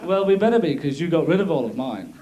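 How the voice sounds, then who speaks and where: High-voiced Irish comedian on stage. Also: male voice, very animated, quick pace, a loud crowd, heavy background noise. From Ireland. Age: 30s. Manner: sardonic, jumps into silly put-on voices. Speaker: stand-up comedian. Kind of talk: live stand-up routine. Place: theatre stage with an audience. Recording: live theatre recording with a laughing audience.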